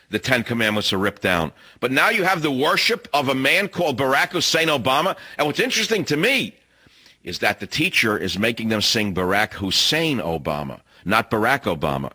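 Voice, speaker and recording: A man's voice: mid-range voice, sharp tone, no room sound. A man hosting an opinion radio talk show, delivering an emphatic monologue full of repeated phrases and rhetorical questions. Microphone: studio microphone.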